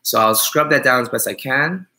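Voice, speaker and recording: A man's voice: mid-range voice, normal speed, bright, forceful tone. A man who is a dog groomer, chatting on a live stream, joking and teasing viewers as he rambles with many fillers.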